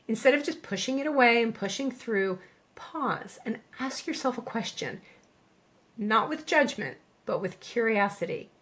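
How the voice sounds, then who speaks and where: A middle-aged woman speaks as a podcast co-host, calm and reassuring. She slows down to lean on key phrases, giving a steady coaching delivery at a medium pitch. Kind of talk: scripted podcast monologue.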